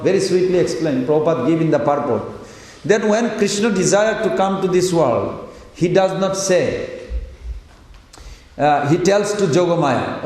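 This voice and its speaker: A man's voice: a little high, measured pace, darkish tone. A man giving a devotional lecture, telling stories and voicing the people in them. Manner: storytelling, quotes figures in their voices; chants Sanskrit verses. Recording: echoey hall.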